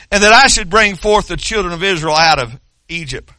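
A man preaching a folksy sermon that climbs into shouted fervor. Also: sits high, moderate pace, dry recording, studio quality.

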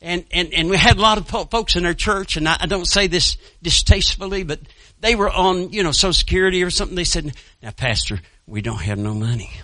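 High, bright-voiced folksy preacher man. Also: quick pace, hardly any pauses, no echo. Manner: folksy storytelling, calling out to the congregation. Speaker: pastor. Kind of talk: sermon with personal testimony.

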